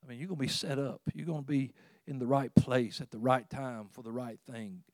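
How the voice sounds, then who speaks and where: A man preaching a sermon in a folksy, conversational way, chuckling now and then, getting loud for emphasis and going soft on tender points. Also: mid-range voice, fairly even intonation, fairly quick, no room sound.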